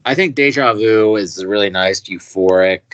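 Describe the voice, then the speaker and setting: A man's voice: on the low side, moderate pace, no room sound. A man with an American accent co-hosting a podcast, giving laid-back, wry music opinions and swearing casually. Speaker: podcast co-host. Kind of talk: casual music review chat. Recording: dry, dull lo-fi mic.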